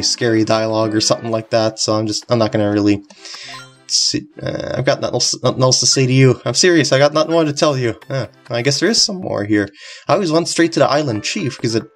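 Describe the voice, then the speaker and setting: A woman casually commenting over a video game walkthrough, rambling and giggling. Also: a bass voice. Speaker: gameplay commentator. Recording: faint game music behind.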